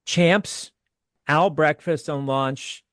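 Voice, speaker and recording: A man's voice: on the high side, extremely slow, fairly bright tone, no room sound, clean studio sound. A man hosting a casual podcast chat, reading out listener posts and bantering with his co-hosts. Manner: reads listener posts aloud, chatty. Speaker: podcast host.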